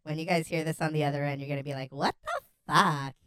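A woman's voice: deep voice, little pitch movement, racing, darkish tone, clean tone, no room sound, studio quality. A woman co-hosting a podcast in casual chat, laughing and joking as she reads out messages. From California. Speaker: podcast co-host.

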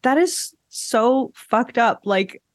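A podcast host from Canada in casual chat, chatty and quick to laugh, with lots of filler words. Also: female voice, a little high, lively intonation, no echo, clean studio sound.

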